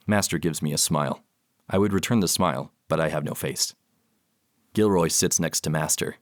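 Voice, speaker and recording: A man narrating an audiobook in a measured, even storytelling manner. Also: rumbling low, no echo, clean studio sound. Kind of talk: scripted narration.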